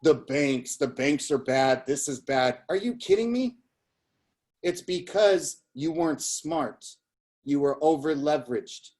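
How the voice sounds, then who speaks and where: A man voicing his blunt old grandfather from Sicily and Boston, scolding in a gruff manner. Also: medium pitch, level tone, slow pace, few pauses, lightly acted.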